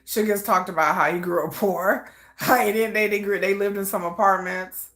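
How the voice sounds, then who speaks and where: A woman giving casual live reaction commentary, chatty, trailing off into soft murmurs and then jumping into excited bursts. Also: mid-range voice, moderate pace.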